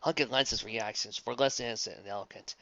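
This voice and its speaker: A man narrates a fan story with a bright, forceful voice. The sound is dry and close, with a dull, lo-fi tone. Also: on the low side, a little fast, vocal fry, dry recording. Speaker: fanfic reader. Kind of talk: dramatic story reading.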